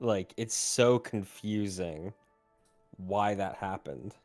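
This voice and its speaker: A man's voice: on the low side, slow pace, darkish tone, faint music behind. A male player in casual post-game chat, rambling, swearing and laughing.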